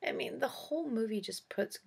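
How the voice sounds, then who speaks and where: A woman's voice: fairly high pitch, brisk, vocal fry, breathy edge. A woman hosting her own show, casually and opinionatedly reviewing movies with sarcastic asides.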